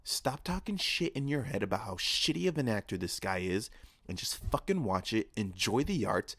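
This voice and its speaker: A young man hosting his own podcast, ranting casually and profanely with animated mock voices. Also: lowish voice, normal speed, breathy edge, dry recording. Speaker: podcast host. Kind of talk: casual solo podcast rant. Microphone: podcast microphone.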